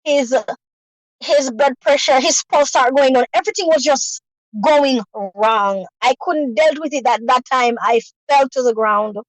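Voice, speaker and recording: A woman tells an emotional personal story in a high voice. She talks earnestly, circles back on her points and keeps adding "you know". The sound is dry and close, with no room echo. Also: unhurried. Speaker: guest sharing a personal story.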